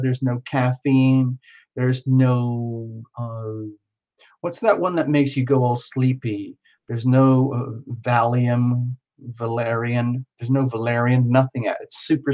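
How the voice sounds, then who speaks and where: This tarot reader answers viewer comments during a casual live stream, rambling, teasing and playing around, often using fillers and restarting himself. The audio is dull and lo-fi, and his medium-pitched voice is a little mellow.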